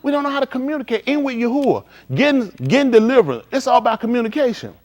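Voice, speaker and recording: A man preaching in a casual, conversational style, swinging from quiet to loud and acting out conversations. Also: very high-pitched, very fast. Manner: animated, shifting between quiet and loud, acts out dialogue. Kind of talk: livestreamed sermon.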